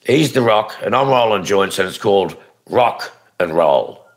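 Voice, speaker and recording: A man's voice: fairly low pitch, lively intonation, a little slow. A man with an Australian accent joking loosely and crudely in radio chat.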